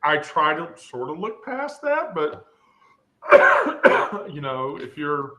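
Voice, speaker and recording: A man talking in a relaxed group chat, with a bright, fairly high voice and an unhurried pace. He speaks candidly and bluntly, and breaks into loud laughter. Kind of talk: casual chat.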